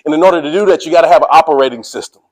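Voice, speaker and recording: Man, motivational speaker, energetic, preachy, casual slang, slightly high voice, talks to a team. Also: rapid-fire, rough recording. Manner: energetic, preachy, calls out to listeners; casual slang, drawls "y'all".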